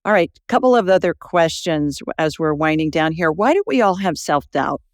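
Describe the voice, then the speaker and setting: A woman's voice: low-pitched, lively intonation, normal speed, dry recording, studio quality. A woman hosting an interview, affirming her guest and moving on to the next questions in an upbeat way. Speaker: podcast host.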